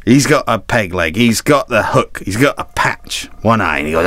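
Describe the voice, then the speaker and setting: Very deep-voiced male storyteller. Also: moderate pace, few pauses, no room sound. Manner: lively, hesitant restarts, animated bursts. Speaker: windjammer captain telling a story. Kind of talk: comic storytelling to an audience.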